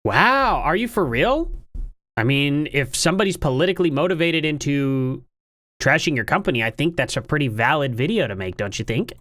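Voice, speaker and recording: A woman's voice: low voice, sing-song, brisk, fairly bright tone, dry recording. Sarcastic lady streamer reacting to a clip, voice swoops up and down a lot. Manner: sarcastic, rhetorical questions. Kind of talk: casual commentary.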